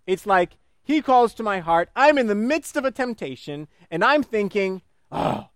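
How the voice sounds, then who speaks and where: Animated high-voiced male preacher. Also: normal speed, few pauses, clear, resonant tone, no room sound, clean studio sound. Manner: animated, acts out voices in his stories. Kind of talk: sermon.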